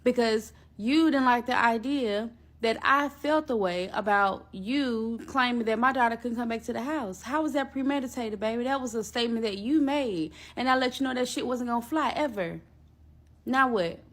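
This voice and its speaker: A woman's voice: fairly high pitch, normal speed, hardly any pauses. A woman casually retelling a personal ordeal in a storytime vlog, blunt and profane, acting out the other people in it. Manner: blunt, profane, animated retelling with quoted voices.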